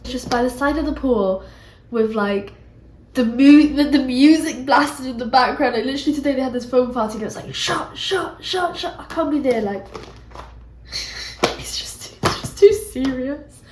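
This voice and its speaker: This young woman speaks British English in a high pitch at normal speed, her tone a little mellow. She chats congestedly from a resort hotel room in a rambling, self-mocking vlog, dropping casual swears. The echoey space has faint ambience, with a little hiss or hum.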